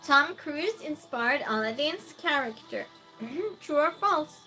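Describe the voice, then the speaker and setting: A woman hosts a relaxed live-stream quiz. Her voice sits high and sounds bright and clear. She talks slowly, greets viewers one by one and reads their messages aloud, with faint music playing behind her. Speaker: streamer hosting a chat game. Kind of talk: casual live-stream chat.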